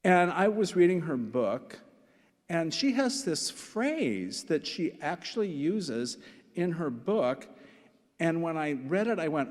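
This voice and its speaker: A man's voice: high voice, very animated, slow pace. A man in his sixties, a pastor preaching a sermon, telling personal stories with asides and repeated phrases. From Nebraska. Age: 60s. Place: church sanctuary. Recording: long hall reverb from church.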